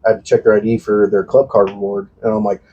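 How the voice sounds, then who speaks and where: A man in his late twenties from the Quad Cities area of Illinois chats on a podcast in a husky, mellow voice. He tells his stories haltingly and keeps saying "I'm like" as he acts out what people said. The audio is dull and lo-fi. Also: on the low side, flat delivery. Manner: halting, repeats "I'm like", acts out quoted dialogue. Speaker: podcast co-host. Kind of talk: casual podcast chat.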